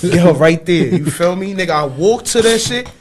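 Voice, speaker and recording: A young man with a high, light voice tells a story on a casual podcast. His delivery is animated and swings from shouting to near-whispered asides. A faint hiss of noise sits under the recording. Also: moderate pace. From New York. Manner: animated, swings into loud shouting and hushed asides while acting out quotes. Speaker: podcast co-host.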